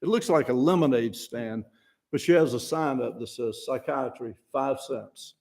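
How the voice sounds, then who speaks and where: A man's voice: mid-range voice, moderate pace, vocal fry, a little mellow. An older man giving an informal, folksy sermon at a fellowship service, self-deprecating and plain-spoken, often restarting his words. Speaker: lay speaker at a fellowship service.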